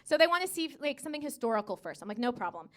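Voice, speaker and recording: A woman's voice: high voice, very animated. An American woman in her thirties doing a stand-up comedy set, with sassy asides and gushing put-on voices for the people she quotes. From United States. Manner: sassy, rapid asides with frequent okays. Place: comedy club stage with a live audience.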